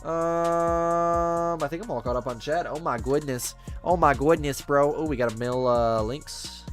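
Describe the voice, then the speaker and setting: A man's voice: a little high, unhurried, over music. A man hosting a live game stream, casually chatting with viewers and reading their messages in a chummy, laid-back way. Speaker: livestream host.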